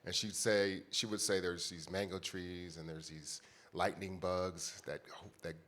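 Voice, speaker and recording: Heartfelt low-voiced American man. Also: fairly bright tone. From United States. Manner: heartfelt, conversational, addresses the audience directly. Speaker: panelist. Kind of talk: personal storytelling at a conference plenary.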